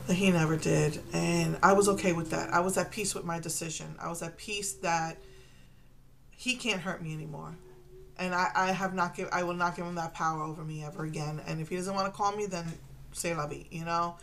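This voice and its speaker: A woman's voice: lowish voice, fairly even intonation, brisk, creaky, a little hiss or hum. A middle-aged woman from Puerto Rico, talking through a painful family matter in an emotional, rambling confessional monologue full of restarts. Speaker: vlogger.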